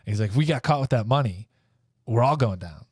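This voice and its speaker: A man's voice: medium pitch, animated, quick pace, a little mellow, breathy edge, no echo, clean studio sound. A man co-hosting a podcast, telling a rambling comic story and acting out the characters' lines. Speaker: podcast co-host. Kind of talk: casual comedic storytelling.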